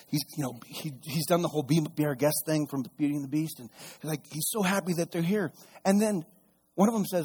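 Husky, high-voiced preacher telling stories. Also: male voice. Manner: retells scripture in casual, animated voices. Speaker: pastor. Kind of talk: sermon.

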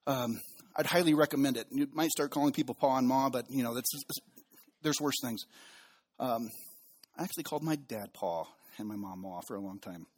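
A male pastor preaching a sermon, telling stories animatedly, acting out quotes and dropping into quiet asides. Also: mid-range voice, fairly quick.

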